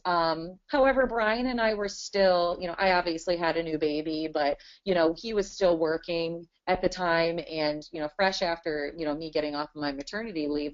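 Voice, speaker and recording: A woman in her thirties, a business owner talking casually in a webinar interview and filling her talk with "you know". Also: low-pitched. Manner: chatty, many "you know" fillers. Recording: dull lo-fi webinar audio.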